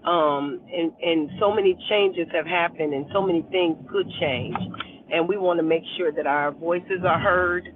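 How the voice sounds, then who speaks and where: A woman's voice: lowish voice, measured pace, background noise. A woman hosting a casual live stream, greeting viewers one by one by name and laughing often while urging them to vote. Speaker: livestream host. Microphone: phone camera held at arm's length. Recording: tinny phone-like audio.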